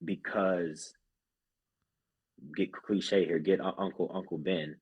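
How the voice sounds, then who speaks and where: A man's voice: deep voice, steady tone, slow, slightly rough, muffled recording. A man who is a group fitness instructor, talking earnestly as a podcast guest and often restarting his sentences. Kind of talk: casual podcast chat.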